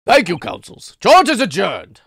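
A woman voicing a stern British judge who speaks formally and deliberately. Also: mid-range voice, wildly swooping pitch, gravelly, a little hiss or hum, pitched below the performer's own voice, heavily acted. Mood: solemn. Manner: formal, measured. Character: stern, dignified adult male British judge.

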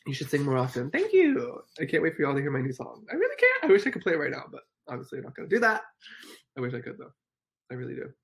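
A man in his twenties casually chatting on a livestream, reading viewer comments, giggly and excitable. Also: mid-range voice, racing, creaky. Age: 20s. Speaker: livestream host.

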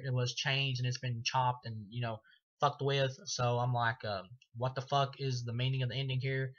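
A man reviewing a film in a loose, rambling way, cursing often and padding with "uh" and "like". His voice is bright and tense but stays fairly flat in pitch. The recording sounds dull and lo-fi. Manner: rambling, profane, full of fillers. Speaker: movie reviewer. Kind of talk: casual spoken film review.

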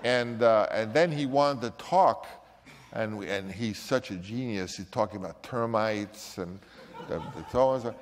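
An older man with a fairly low voice tells a story in an interview, animated and lively, acting out other people as he goes. His voice trails off in a long reverb, as if in a large space. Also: measured pace. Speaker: filmmaker recalling a casting story.

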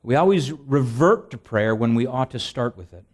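A man's voice: medium pitch, lively intonation, normal speed. A man gives a sermon in a mid-range voice, talking to the congregation more than declaiming. He leans on rhetorical questions and repeats key phrases, restarting sentences as he goes. Self-deprecating humor runs through his preaching. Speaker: pastor.

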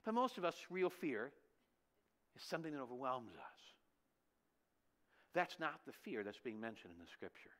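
A man's voice: mid-range voice, normal speed, long pauses. A middle-aged male pastor preaching a sermon in church, telling stories with lots of rhetorical questions. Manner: animated storytelling, rhetorical questions.

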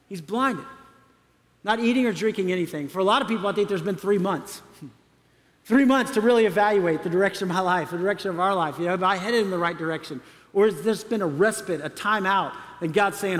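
Pastor, male, high voice, chatty sermon delivery, reverberant hall. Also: fairly quick. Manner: conversational preaching, asks the audience questions.

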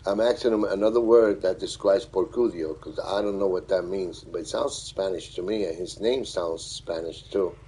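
A man live streaming, reading viewer comments aloud and thanking them in a halting, friendly way. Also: deep voice, mellow, slightly rough, rough recording. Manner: halting, with many fillers and restarts. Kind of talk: casual live-stream chat.

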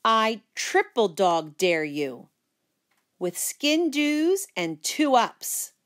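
A woman's voice: mid-range voice, lively intonation, a little slow, a bit bright. A woman voicing a spirited young girl who squeals and stands up defiantly to her brother in a read-aloud story. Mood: daring.

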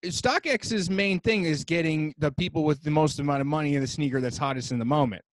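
Man, podcast co-host, relaxed slang-heavy banter; keep the voice a bit high and the sound dry. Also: a little fast, no room sound. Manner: loose, swearing, slangy. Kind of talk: casual chat. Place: New York.

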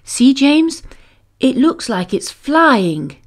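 A woman voicing a gentle father coaxing his little boy to sleep. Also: high voice, sing-song, extremely slow, pitched above the performer's own voice, exaggerated voice. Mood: soothing. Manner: coaxing, soothing.

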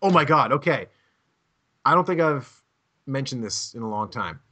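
A man's voice: medium pitch, lively intonation, normal speed, bright, forceful tone, husky. A man hosting a comedy podcast, telling a rambling, profane story and laughing often. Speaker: podcast host.

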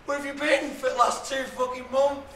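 A man's voice: very high-pitched, flat delivery, a little fast. An actor playing a heartbroken young man who rages and pleads with his friends, swearing, in a television drama. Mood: anguished. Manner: sweary, pleading and shouting in distress. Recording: roomy with background noise.

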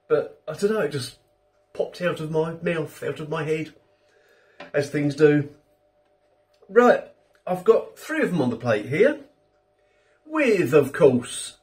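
A man's voice: a little high, far from the mic. A middle-aged British man hosting a casual food review, chatty and self-deprecating with rambling asides. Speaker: food reviewer, channel host.

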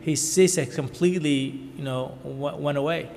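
A man preaching in with heartfelt emotion, pausing and repeating words, in short bursts for an interpreter. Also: a little high, gravelly, a little mellow. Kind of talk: sermon with live interpretation. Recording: church hall reverb.

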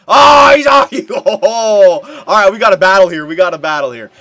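A young man giving casual commentary while playing a hockey video game, muttering one moment and yelling in frustration the next. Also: a little high, dry recording. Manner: excitable, swings from muttering to loud outbursts. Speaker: gameplay commentator.

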